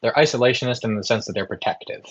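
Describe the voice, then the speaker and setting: A man narrating as game master, halting with frequent ums and restarts. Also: mid-range voice, dry recording, dull audio.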